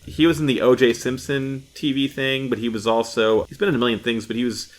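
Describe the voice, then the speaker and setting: A man's voice: mid-range voice, fairly even intonation, a little fast. A man as a podcast guest in casual chat, easygoing and a bit hesitant. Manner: easygoing, explains picks with some hesitation.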